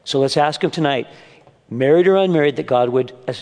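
A man's voice: on the high side, fairly quick, a little mellow. Older man preaching in an echoing hall. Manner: earnest, storytelling with humor. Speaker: preacher at a men's church gathering. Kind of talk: sermon. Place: church meeting room. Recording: long hall reverb.

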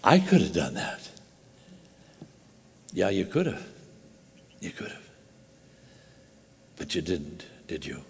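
An older man preaching a sermon, telling a story with animated, halting restarts that drop to quiet intensity. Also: low voice, creaky, breathy edge, big-room sound.

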